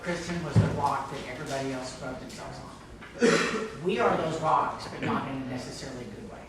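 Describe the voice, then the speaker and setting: A man making a slow, reflective comment in a group discussion. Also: medium pitch. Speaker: group member. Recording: echoey room from far off with loud hiss.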